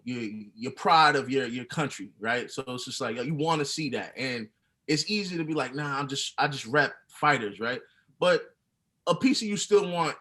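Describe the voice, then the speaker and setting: A man's voice: medium pitch, sharp tone, low-quality recording. A man co-hosting a boxing podcast, chatting casually with loose slang and frequent laughs. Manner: laid-back, loose slang, laughs often. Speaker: podcast co-host. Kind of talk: casual chat reacting to a documentary.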